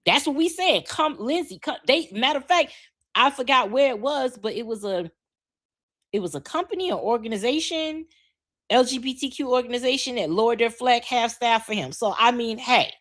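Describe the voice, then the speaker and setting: A woman's voice: a little high, normal speed. A woman in her forties hosting a live podcast, ranting bluntly with lots of swearing while reacting to viewer comments. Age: 40s. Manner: blunt, profane, animated rant. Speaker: podcast host. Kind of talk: casual live-stream talk, reading viewer comments.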